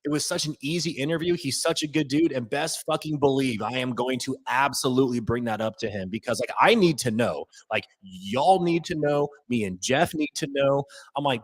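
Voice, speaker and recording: A man's voice: on the high side, lively intonation, fairly quick, breathy edge, no echo, rough recording. A male podcast host, so worked up he can barely talk, rambles and swears in a live after-game rant. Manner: hyped, profane, rambling. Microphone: headphones off, desk mic.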